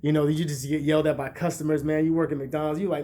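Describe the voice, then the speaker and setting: A young man vlogging, talking in a casual, profane, rambling way and telling stories with animated bursts. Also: fairly high pitch, fast. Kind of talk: casual monologue to camera.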